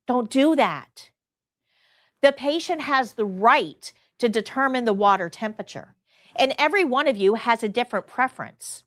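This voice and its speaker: Middle-aged woman teaching nursing, bouncy up and down voice, kinda high, dry close mic. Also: normal speed, no room sound. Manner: storytelling, lively and emphatic. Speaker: nursing instructor. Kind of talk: live class lecture.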